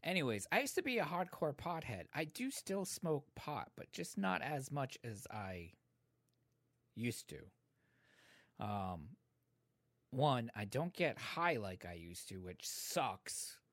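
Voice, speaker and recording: A man in his thirties casually telling a profane, laid-back story to friends, getting animated when he quotes others. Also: medium pitch, slow, no room sound.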